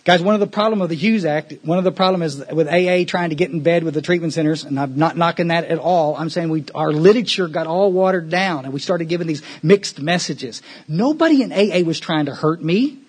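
A man with a drawl gives a talk at a recovery meeting, earnest and folksy, stumbling and repeating words as he goes. His voice is husky and sits a little high for a man. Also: brisk, few pauses.

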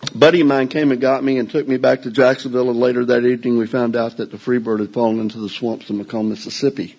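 A man's voice: mid-range voice, level tone, quick pace, gravelly, darkish tone, breathy edge, low-quality recording. An older man telling a story on stage to a live audience in a folksy, self-mocking way. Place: indoor venue before a live audience.

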